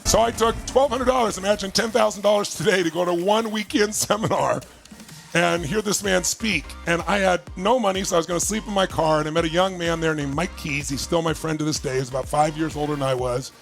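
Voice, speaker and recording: A man telling a story from his own life to an audience, animated, acting out the voices of the people in it. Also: high-pitched, a little fast, creaky, faint music behind. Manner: animated, acts out quoted voices. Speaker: motivational speaker. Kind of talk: storytelling talk.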